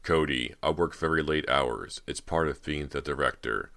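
A man voicing a suspicious male stage director who speaks softly but sternly in an audiobook. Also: a bass voice, moderate pace, gravelly, full character voice. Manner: soft-spoken, stern.

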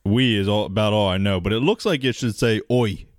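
Laid-back man with a low voice. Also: fairly quick, no echo, clean studio sound. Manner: laid-back, blunt, swears casually. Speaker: podcast co-host. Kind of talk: casual chat.

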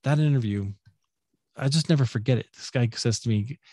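A man with a warm, mellow voice tells a story in a relaxed, animated way, jumping up in pitch whenever he acts out what someone said. The sound is dry and close. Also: a little fast, dry recording. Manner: animated, acts out quoted speech with jumps in pitch. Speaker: podcaster and guest. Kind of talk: casual storytelling in an interview.

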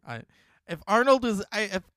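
A man hosting a casual talk show, animated and outspoken, swearing freely. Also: high voice, normal speed, no room sound, studio quality. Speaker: host.

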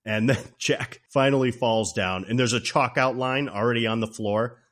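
A man's voice: medium pitch, moderate pace, a bit bright. A man co-hosting a podcast, animatedly recapping a comedy film and laughing often. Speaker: podcast co-host. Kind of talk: casual movie recap.

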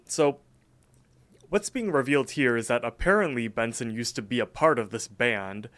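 Smooth-voiced man recapping a cartoon episode. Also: medium pitch, moderate pace, fairly bright tone. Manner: rambling, filler-heavy retelling. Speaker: podcast co-host.

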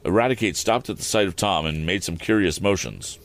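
A man reading a storybook aloud in a relaxed way, with occasional slips and self-corrections. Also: low voice, a little fast. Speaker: reader.

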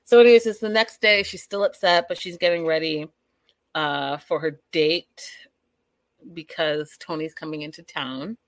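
A woman's voice: sits low, fairly even intonation, moderate pace, no room sound. A woman chatting through a reality show recap, gossiping and speaking straight to her viewers. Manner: gossipy, addresses viewers directly.

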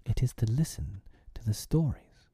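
A boastful, cunning boy who never grows up, whispered by a man. The tone is husky and dark, and the delivery is slow and hushed in a whispered role-play, with lively swings in pitch. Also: dry recording, studio quality. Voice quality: breathy, half-whispered.

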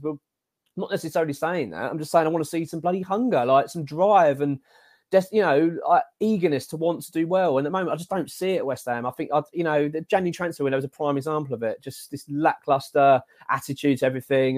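A man from England co-hosting a casual football podcast, giving animated, exasperated opinions and calling his co-host mate. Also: fairly high pitch, quick pace, dry recording, clean studio sound.

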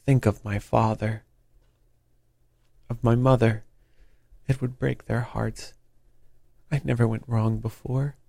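A man voicing a frightened young male thief who pleads and confesses in a shrill, desperate way. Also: level tone, slow, pauses often, darkish tone, dry recording, exaggerated voice. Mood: pleading. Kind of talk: audiobook character reading.

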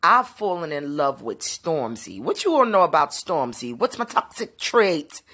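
Woman, podcast host, low pitch, husky tone, chatty and candid. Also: very animated, a little slow, a bit bright. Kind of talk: casual solo chat.

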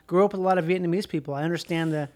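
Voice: mid-range voice, rapid-fire, a little mellow. A speaker in casual chat, riffing playfully on absurd ideas.

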